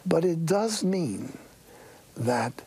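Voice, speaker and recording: A man's voice: a little high, very animated, drawn-out words, dark tone, slightly rough, low-quality recording. An older man, a priest, giving a sermon-like talk with folksy, wry storytelling.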